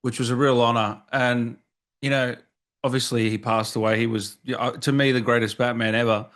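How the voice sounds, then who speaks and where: A man's voice: mid-range voice, steady tone, moderate pace, a bit bright. A man hosts a casual interview and sounds eager, heaping praise on his guest. He speaks like a fan meeting someone he admires. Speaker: podcast host.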